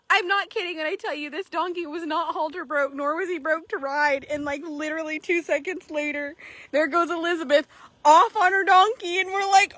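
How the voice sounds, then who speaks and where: Woman, horse trader, casual chat, animated storyteller, swears, dry close sound. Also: extremely high pitch, normal speed, dry recording.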